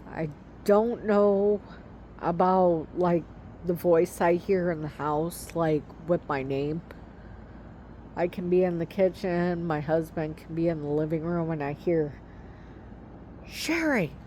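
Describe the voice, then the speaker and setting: A middle-aged woman telling a personal story to camera in a casual, hesitant way, with many pauses and fillers. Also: lowish voice, steady tone, dark tone, slight background noise. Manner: slow, hesitant, many ums and likes. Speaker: vlogger. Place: outdoors.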